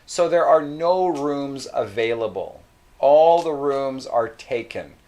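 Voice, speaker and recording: A man teaching English, explaining phrases slowly and repeating example sentences. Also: medium pitch, expressive, a little mellow. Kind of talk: slow explanatory English lesson.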